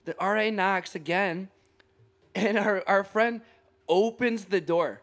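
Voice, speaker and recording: A man's voice: sits high, slow, a bit bright. A young man telling a rambling, profane story among friends, often laughing as he talks. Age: young adult.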